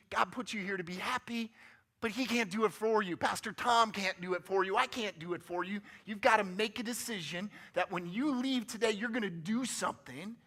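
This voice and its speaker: A man's voice: high voice, bright, forceful tone. A man giving a motivational guest talk in church, upbeat and joking, often asking the audience questions. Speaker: guest speaker. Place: church sanctuary.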